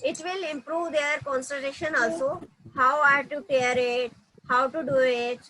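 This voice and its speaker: A woman with an Indian accent teaching an online class to small children, speaking slowly and simply and coaxing them along. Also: high-pitched, fairly even intonation, bright, forceful tone, poor audio. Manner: slow, simple coaxing speech to toddlers.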